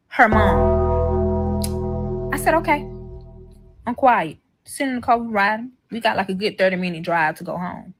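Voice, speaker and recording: A woman's voice: medium pitch, normal speed, faint music behind. A woman telling a profane story-time tale, acting out the quoted lines and swearing freely. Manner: animated, swearing, acts out quoted dialogue. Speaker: storyteller in a played clip.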